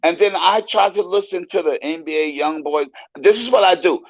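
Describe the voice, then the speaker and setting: A man guest telling stories in a casual interview, animated and profane, acting out the voices he quotes. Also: high-pitched, brisk, no room sound, dull audio. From United States.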